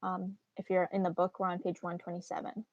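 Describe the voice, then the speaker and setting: A woman's voice: on the low side, monotone, fairly quick, dull audio. A woman teaching a live online literature class in a casual, encouraging way, with frequent fillers. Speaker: English teacher.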